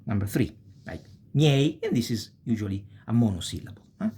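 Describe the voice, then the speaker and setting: A man with an Italian accent teaching a language lesson, slowly spelling out syllables and checking in with "eh?". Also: on the low side, warm tone, slightly rough. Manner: slow, spells out syllables, tags with "eh?".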